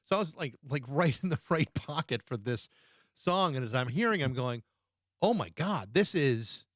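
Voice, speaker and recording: A man's voice: medium pitch, lively intonation, moderate pace, a bit bright, no room sound, clean studio sound. A middle-aged man, a podcast host and former radio DJ, reminiscing with enthusiasm in conversation. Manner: reflective, enthusiastic reminiscing, restarts. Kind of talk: conversational interview.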